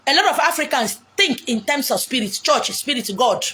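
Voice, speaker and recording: A woman with a Nigerian Igbo accent giving blunt, forceful relationship advice outdoors, mixing English, Pidgin and Igbo. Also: high-pitched, expressive, moderate pace. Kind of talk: outdoor monologue. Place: beach outdoors.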